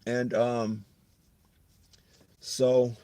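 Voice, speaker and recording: A man's voice: mid-range voice, flat delivery, drawn-out words, warm tone, no echo. A middle-aged man talking on a casual livestream, rambling, repeating himself and losing his thread.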